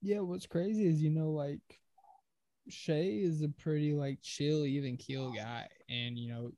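A man's voice: on the high side, steady tone, a little slow, dark tone, dry recording. Chatty man talking basketball, dry sound. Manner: conversational, steers the talk, recites stats. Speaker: podcast co-host. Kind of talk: casual sports chat.

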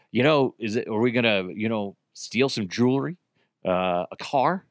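A man's voice: on the low side, animated, moderate pace, no room sound. Male podcast host, casual solo chat, crude self-mocking humor, dry sound.

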